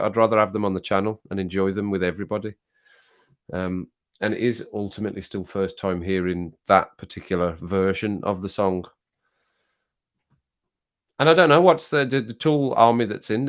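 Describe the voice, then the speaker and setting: A man chatting casually on a live stream, reading viewer comments aloud and laughing often. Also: on the low side. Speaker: music reaction streamer.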